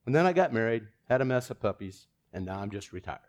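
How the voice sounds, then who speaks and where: A man's voice: mid-range voice, lively intonation, quick pace, natural voice. Brief: talking dog, old braggart, casual and easygoing, voiced by a man in mid-sermon. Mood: boastful. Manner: matter-of-fact storytelling boasts. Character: boastful retired male spy dog, tall-tale teller.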